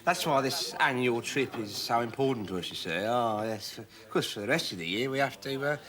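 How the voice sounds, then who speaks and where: A man's voice: mid-range voice, expressive, brisk, fairly bright tone, lightly acted. An actor playing a flustered middle-aged English tradesman who talks hesitantly, stumbling over words.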